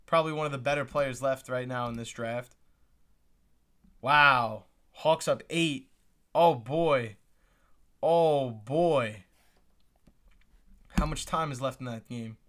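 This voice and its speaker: A man's voice: mid-range voice, takes it slowly, pauses often, fairly bright tone. A young man hosting a live reaction stream, exclaiming and repeating himself as he talks to his chat. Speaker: livestream host reacting to the draft.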